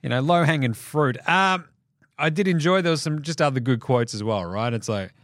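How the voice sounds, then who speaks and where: Lively Australian man ranting about basketball. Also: mid-range voice, moderate pace, no echo, studio quality. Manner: animated, profane, laughing between jokes. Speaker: basketball podcast host. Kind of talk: solo sports podcast rant.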